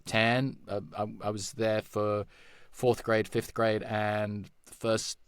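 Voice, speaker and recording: Middle-aged English man, lowish voice, dry close mic, rambling and animated podcast guest. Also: takes it slowly, clear, resonant tone, no echo. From England. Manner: animated, rambling, repeats words, laughs while telling stories. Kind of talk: casual conversational storytelling.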